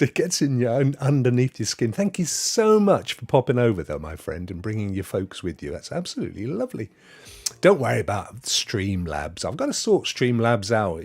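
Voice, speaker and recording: Chatty husky British man hosting a stream. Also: mid-range voice, huge pitch swings, normal speed. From United Kingdom. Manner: chatty, greets viewers warmly by name, chuckles often. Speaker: live-stream host. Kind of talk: casual live-stream chat.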